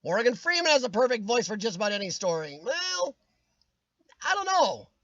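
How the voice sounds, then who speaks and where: A man's voice: very high-pitched, very animated, moderate pace, pushed and bright, no room sound, muffled recording. A man hosting a casual livestream chat with a worn, nasal voice that sometimes cracks, jokey and rambling with frequent laughs. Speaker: livestream host. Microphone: webcam.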